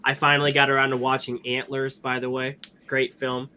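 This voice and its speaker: A man co-hosting a podcast, chatting casually about films in an animated, rambling way with many restarts. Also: mid-range voice, a little fast, a little hiss or hum. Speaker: podcast co-host. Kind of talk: casual movie review chat.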